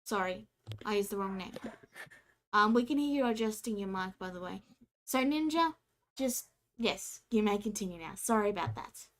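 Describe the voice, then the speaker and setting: A woman's voice: medium pitch, expressive, moderate pace, slight background noise. A woman running an online tabletop game as game master, apologetic and organizing, often restarting sentences.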